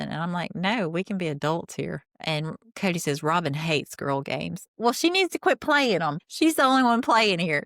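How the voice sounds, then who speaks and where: A woman hosting a podcast, talking through a reality show episode in a blunt, exasperated way and not shy about swearing. Her voice sits a bit low for a woman, recorded close and dry with no room sound around it. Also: creaky, fairly bright tone, dry recording. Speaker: podcast host. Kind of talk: casual recap commentary.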